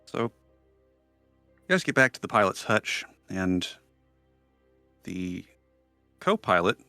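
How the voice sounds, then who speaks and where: Deep gravelly man running a game. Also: very animated, takes it slowly, pushed and bright, no echo, soft background music. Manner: describes scenes with many fillers and restarts. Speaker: game master. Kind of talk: narrating a tabletop game.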